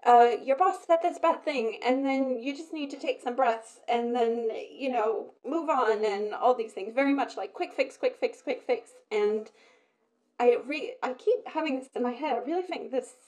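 Her voice a little high and a little mellow, a British woman talks at normal speed in relaxed conversation. She rambles on at length, chatty and quick to laugh.

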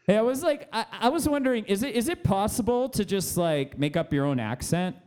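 High, lively-voiced male podcast host. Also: brisk, clean tone. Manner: rambling, full of "like" fillers. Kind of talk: casual podcast chat.

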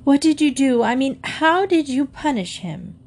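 A woman's voice: high-pitched, big pitch swings, moderate pace, pitched above the performer's own voice. A woman reading aloud, voicing a flustered mother who pleads in a raised, distressed voice. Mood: relieved. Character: flustered mother, middle-aged woman, tearful.

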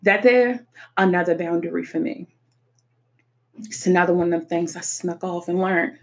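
A woman's voice: on the low side, moderate pace, darkish tone. A young adult woman speaking earnestly and emphatically about personal experience, often repeating her points. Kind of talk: personal reflective talk.

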